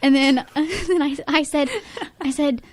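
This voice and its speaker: A woman's voice: high-pitched, little pitch movement, normal speed, a little hiss or hum. A young woman co-hosting a casual chat podcast, rambling and giggly with lots of restarts. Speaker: podcast co-host.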